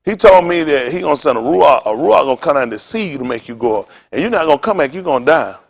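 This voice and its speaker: A male pastor preaching a sermon in animated, informal street talk, throwing questions back to the congregation. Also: a little high, quick pace, gravelly.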